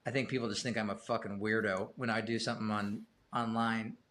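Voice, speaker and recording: A man's voice: on the low side, little pitch movement, fairly quick, fairly bright tone, slight background noise. A middle-aged man talking as a guest on a podcast, rambling and self-deprecating, swearing casually. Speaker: guest musician.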